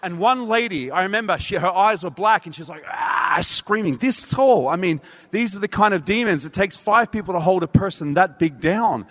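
High-voiced male preacher in a hall. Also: moderate pace, few pauses. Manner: animated, acts out voices in his story. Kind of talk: storytelling sermon. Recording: reverberant hall.

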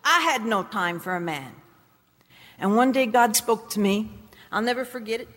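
A woman's voice: a little high, animated, moderate pace. Emphatic woman preaching in a reverberant hall. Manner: dramatic, emphatic storytelling with wide swings in loudness. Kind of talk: testimony sermon.

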